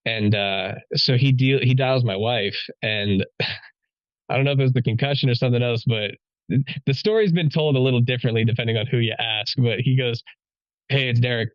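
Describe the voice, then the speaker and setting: A man's voice: mid-range voice, a little fast, dry recording. A man speaks in an everyday mid-range voice, rambling through his story with fillers and dry humor. The mic sounds dry and a little muffled. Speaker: police officer guest. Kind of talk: casual podcast storytelling.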